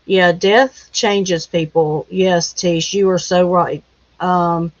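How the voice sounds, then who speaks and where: A woman minister hosting a casual live chat. She answers viewer comments in a gentle, consoling way, with many pauses and fillers. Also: fairly low pitch, steady tone. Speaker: minister and live-stream host. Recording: dull lo-fi sound.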